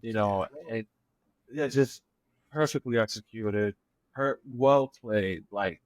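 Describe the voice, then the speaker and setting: A man joining a podcast as a guest, talking in a measured, enthusiastic way with many fillers. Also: on the low side, dry recording. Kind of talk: casual chat.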